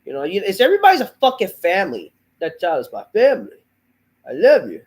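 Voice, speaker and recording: A man's voice: high-pitched, wildly swooping pitch, fast talker, breathy edge, rough recording. Fed-up male host, under the weather, profane and sighing through his rant. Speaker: host of a wrestling review show. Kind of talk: ranting show review.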